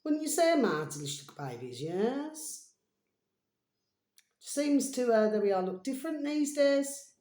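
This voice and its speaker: Her voice sits high and sing-song, with a dark tone and an unhurried pace, as she rambles fondly to the camera. Calling viewers "my delicious babies," this vlogger uses lots of fillers and lets thoughts trail off, and the sound is roomy and echoey.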